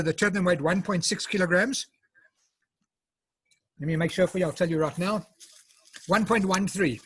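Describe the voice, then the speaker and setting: A man's voice: high voice, fairly bright tone, slightly rough, dry recording. A man with a South African accent chatting through a cooking demo on a video call, explaining each step and eating as he talks. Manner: chatty, explains step by step, eats while talking. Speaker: home cook presenting. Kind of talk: casual live cooking demo.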